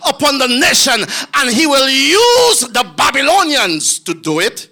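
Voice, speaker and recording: A pastor preaches a fervent sermon in a sing-song, shouting style, repeating words and using frequent fillers. His voice is very high, swings widely in pitch, and moves at a measured pace.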